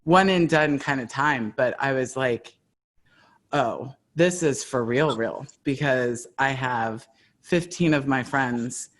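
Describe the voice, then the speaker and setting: A man's voice: medium pitch, takes it slowly, fairly bright tone. A man hosting a casual podcast conversation, talking in an earnest, conversational way and drawing out his guest with questions. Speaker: podcast host.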